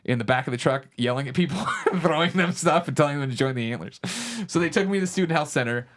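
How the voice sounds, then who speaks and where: A man's voice: a little high, fast talker, a little hiss or hum. A man in his thirties co-hosting a casual chat show, telling a story and acting out quotes in shifted voices. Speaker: podcast co-host.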